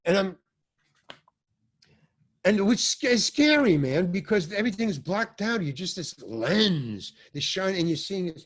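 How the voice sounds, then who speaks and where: An older man, an actor, telling animated, rambling stories as a podcast guest, swearing and restarting his sentences. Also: sits high, measured pace. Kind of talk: storytelling in a podcast interview.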